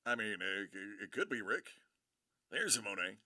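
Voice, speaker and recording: A man hosting a livestream, giving excitable, playful commentary as he opens trading card packs into a streaming mic. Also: lowish voice, normal speed, dry recording, studio quality. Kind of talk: live card-break commentary.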